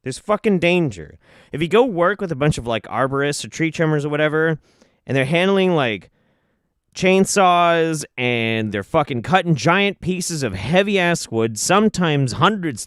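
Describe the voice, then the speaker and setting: A young man streaming live reaction commentary, ranting and swearing, swinging between loud outbursts and muttered asides. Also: on the high side, lively intonation, normal speed, clear, resonant tone, no echo, studio quality.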